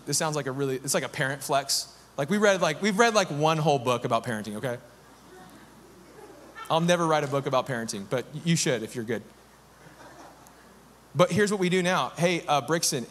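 A man in his thirties, a pastor giving a conversational, self-deprecating and animated sermon. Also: fairly high pitch.

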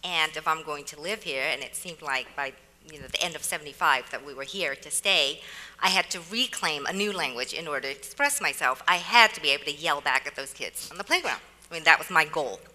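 A woman author from Vietnam, a native Vietnamese speaker, talking in an onstage conversation, animated and laughing often. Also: low voice, a little fast. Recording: reverberant hall.

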